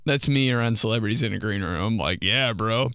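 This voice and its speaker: A man's voice: fairly low pitch, lively intonation, fast, fairly bright tone, smooth, no room sound, clean studio sound. A young man on a podcast, rambling through a profane, self-mocking comedy monologue and acting out what he said.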